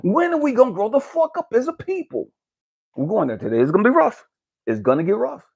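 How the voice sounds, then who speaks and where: Man, high voice, husky, blunt cursing coach, preachy motivational rant. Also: darkish tone. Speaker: spiritual life coach. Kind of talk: profane motivational rant to camera.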